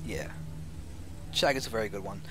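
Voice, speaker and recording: A man casting a strategy game match with analytical play-by-play commentary, getting excited at big plays. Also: fairly low pitch, moderate pace, a little hiss or hum. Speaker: esports caster.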